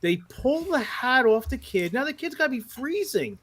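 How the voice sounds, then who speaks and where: A man with a high, light voice spins animated, foul-mouthed stories on a casual podcast. He often laughs mid-sentence and keeps the energy up as the tale builds. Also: moderate pace, a little hiss or hum. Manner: animated, profane, laughs through his stories. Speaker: podcast guest who works as a mall Santa.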